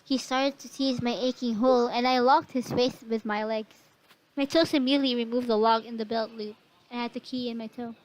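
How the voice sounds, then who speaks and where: A woman's voice: on the high side, fairly even intonation, a little fast, low-quality recording. A young woman reading fan fiction aloud to friends, dramatic, stopping to react. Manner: reads dramatically, breaks off to react.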